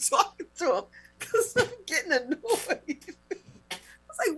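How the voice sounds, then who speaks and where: A middle-aged woman hosting a talk show, telling a personal story in a casual, animated way, with mock-indignant retellings. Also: high voice, normal speed. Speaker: radio talk show host.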